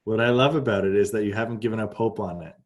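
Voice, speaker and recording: Teasing low-voiced male interviewer. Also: fairly even intonation, quick pace. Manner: teasing and playful.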